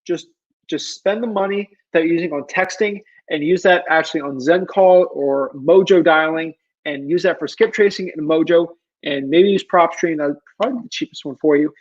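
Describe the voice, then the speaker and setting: A man's voice: fairly high pitch, moderate pace, highs cut off. A man giving casual advice while answering viewer questions, earnest and pleading, rambling with lots of fillers. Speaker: real estate wholesaler answering viewer questions.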